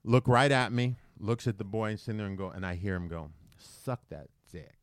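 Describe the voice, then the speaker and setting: A man's voice: lowish voice, quick pace, smooth, dry recording. A man co-hosting a podcast, telling a story in casual chat and acting out the voices he quotes. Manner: animated, acts out quoted voices. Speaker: podcast co-host.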